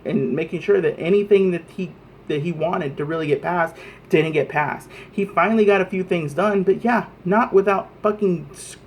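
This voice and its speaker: A man's voice: high-pitched, darkish tone, slight background noise. Heated, cursing man ranting to camera. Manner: heated, profane, repeats himself. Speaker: vlogger. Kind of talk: angry political rant to camera.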